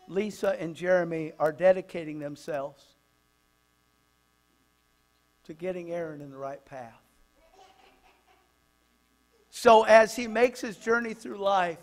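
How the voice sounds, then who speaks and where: A pastor with a Southern American accent, preaching at a child dedication, animated and acting out family stories. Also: male voice, measured pace, pauses often. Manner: animated, acts out quotes with pitch jumps; drops to a soft murmur when praying over the child.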